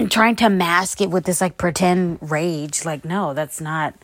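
Woman, lowish voice, solo podcast host; blunt and profane, rambles freely. Dry, close sound. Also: slow, hardly any pauses, dry recording. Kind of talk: casual solo podcast monologue.

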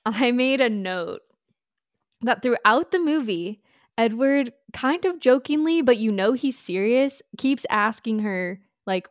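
A woman guest on a podcast speaks slowly in a slightly raised voice. The sound is dry and close, with no room around it. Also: on the high side, lively intonation, no echo. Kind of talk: casual chat.

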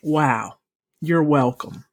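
A young woman co-hosting a casual podcast chat, emphatic and profane, often swinging into high, excited exclamations. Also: extremely slow, dry recording. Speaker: podcast co-host.

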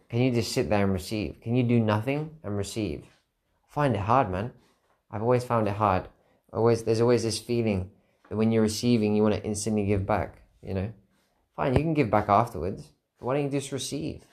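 A man's voice: on the low side, darkish tone. A tired man hosting a podcast alone, talking candidly and reflectively in a rambling way, repeating phrases for emphasis. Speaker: podcast host. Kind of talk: reflective solo monologue.

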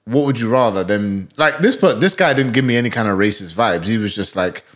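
A young man hosting a podcast in casual chat, full of joking banter and quick asides. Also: lowish voice, lively intonation. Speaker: podcast host.

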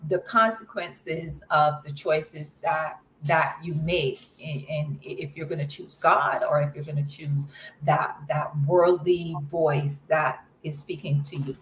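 Low-voiced woman leading a Bible lesson. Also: fairly bright tone, reverberant, slight background noise, poor audio. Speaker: Bible study class leader. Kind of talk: conversational Bible study lesson.

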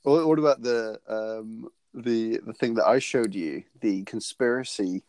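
This is a podcast co-host in relaxed conversation with a friend, a man with a rather low voice. He tells rambling, joking anecdotes and laughs often. The sound is dry and close. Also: measured pace, dry recording. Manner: rambling, jokey storytelling with frequent laughs. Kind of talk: casual chat.

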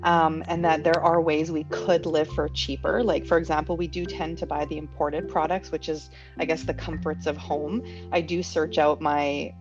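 Canadian woman, casual podcast host, lower voice, lively and frank, slightly muffled recording with faint music. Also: moderate pace, few pauses. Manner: lively, outspoken, laughs easily.

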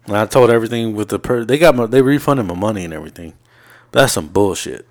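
A profane, animated man telling stories on a podcast. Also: fairly low pitch, brisk. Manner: profane, animated retelling with laughs. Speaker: podcast co-host. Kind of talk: casual storytelling chat.

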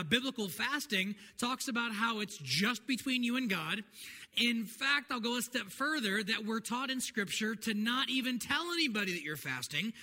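High bright-voiced man preaching in a reverberant hall. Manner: earnest, conversational preaching. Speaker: pastor. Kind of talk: sermon. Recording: long hall reverb, faint noise.

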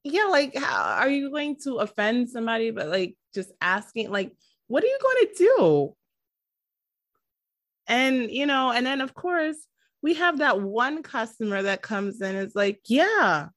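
A woman co-hosting a casual chat about a TV episode, animated and laughing as she retells scenes. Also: a little high, normal speed, dry recording. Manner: animated, laughing, acts out quotes from the show. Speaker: podcast co-host reviewing a TV episode.

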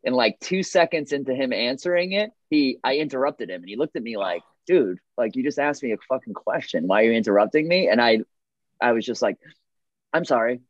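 A man's voice: mid-range voice, lively intonation, fairly quick, no echo, highs cut off. A man, a comedian and host, telling stories in casual chat, rambling with many fillers.

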